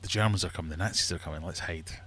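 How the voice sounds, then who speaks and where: A man voicing a panicky adult Scotsman in a joke, deep-voiced and urging. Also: a bit bright, slightly rough. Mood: urgent. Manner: hurried, urging. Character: panicky adult male Scotsman hiding from soldiers.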